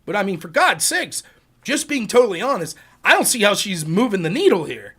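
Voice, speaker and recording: A man's voice: high voice, sing-song, brisk, sharp tone, breathy edge. A man hosting a political live stream, ranting in a profane, combative, sarcastic way. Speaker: livestream political commentator.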